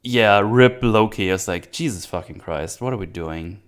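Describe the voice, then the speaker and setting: A young man with a low, clean, smooth voice talks through a movie scene by scene in a loose, casual chat. He is animated and mocking, and keeps slipping into jokey quotes from the characters. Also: normal speed. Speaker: podcast host.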